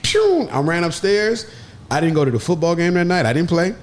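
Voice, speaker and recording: A man telling a story in an animated way, with lively jumps in pitch as he acts out other people's voices. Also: fairly quick, a little hiss or hum. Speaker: podcast guest.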